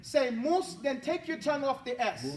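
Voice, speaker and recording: A man with a fairly high voice leads a pronunciation drill, sounding out syllables and correcting his students. He is recorded from a distance in a reverberant classroom. The murmur of the class is clearly audible around him. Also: expressive, a crowd in the background. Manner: corrective, repeats drills and models sounds slowly. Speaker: Quran teacher.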